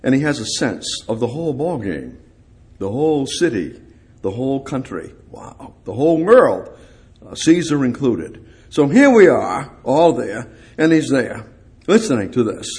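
Preacher guy going slow, repeats stuff, voice jumps up and down a lot. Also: big pitch swings, darkish tone. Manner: halting, repeats phrases for emphasis; rises and swells on key words, then drops low. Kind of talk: sermon.

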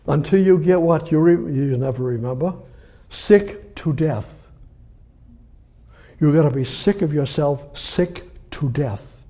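An older man preaching a rambling sermon and reading Bible verses, with much repetition and swings between loud emphasis and quiet asides. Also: a little high. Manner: conversational, halting with many fillers.

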